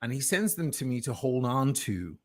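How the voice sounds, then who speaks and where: A man's voice: medium pitch, sing-song, normal speed. A man speaking as a guest in a heated livestream discussion, defending himself emphatically and sarcastically. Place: lives in Venice.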